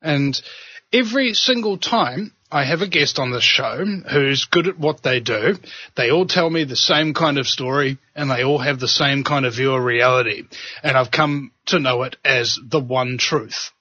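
A man with a New Zealand accent hosting a talk show, preaching and joking in an animated, casual way. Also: medium pitch, moderate pace, no echo. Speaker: podcast host. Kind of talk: casual chat and monologue. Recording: dull lo-fi sound.

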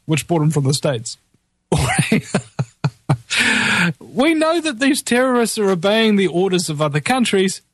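A man giving sarcastic political commentary in a mocking, animated way, often laughing at his own jokes. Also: on the high side, no room sound.

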